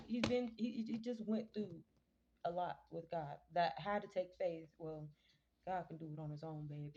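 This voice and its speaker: A chatty woman reads scripture aloud, then talks it over in a casual vlog. Her voice sits a little low, and the sound is dull and lo-fi. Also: a little mellow, slight background noise. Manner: chatty, slow careful reading with stumbles. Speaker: vlogger reading scripture. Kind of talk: casual Bible reading and commentary.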